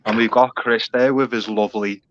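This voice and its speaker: A man's voice: medium pitch, steady tone, brisk, highs cut off. A man from Merseyside with a Scouse accent, chatting casually with local slang. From Merseyside, England. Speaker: guest. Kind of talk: casual chat.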